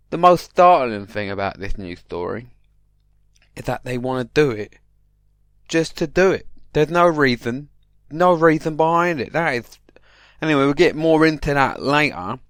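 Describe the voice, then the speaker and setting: Man, comic podcast host, mock-paranoid rambler, smooth voice, dry close mic. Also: mid-range voice, fairly bright tone, no room sound. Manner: addresses the listener directly. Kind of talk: mock-serious comic monologue.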